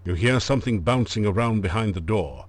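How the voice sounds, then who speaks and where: A man's voice: fairly low pitch, lively intonation, brisk, no echo, soft background music, natural voice. A man voicing the dry, punning narrator of an adventure game, delivering scripted narration with mock gravity. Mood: wry.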